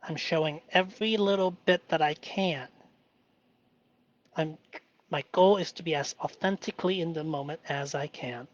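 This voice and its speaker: A man hosting a live stream, talking through his feelings in an earnest, halting way with many fillers. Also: high voice, a bit bright, dry recording. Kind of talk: emotional self-reflective live stream.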